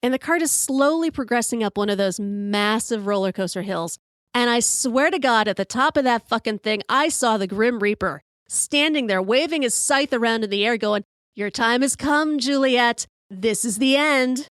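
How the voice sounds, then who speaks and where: A woman in her fifties hosting a podcast, telling a story in an animated, profane way and acting out the quotes. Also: a little high, normal speed, no room sound, clean studio sound. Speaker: podcast host. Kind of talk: storytelling monologue.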